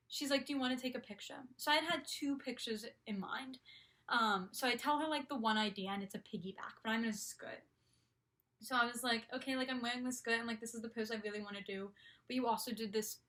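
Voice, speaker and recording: Young female vlogger, slightly high-pitched, rambling and gushing, filler-heavy storytelling. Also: bright, forceful tone. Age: young adult. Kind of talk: casual storytelling.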